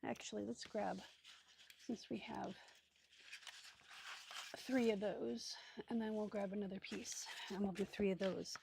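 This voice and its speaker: A woman's voice: mid-range voice, steady tone, measured pace, vocal fry, long pauses, background noise. A woman hosting a crafting video, chatting casually and thinking aloud with many ums and asides as she sorts supplies. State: hiccups. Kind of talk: casual crafting tutorial chat.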